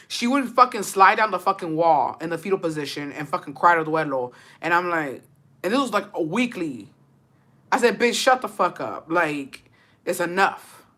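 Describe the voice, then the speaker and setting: Chatty texas woman streaming, bright voice, swears a lot, flips between english and spanish. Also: mid-range voice. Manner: bilingual code-switching, profane, chatty. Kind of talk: casual chat.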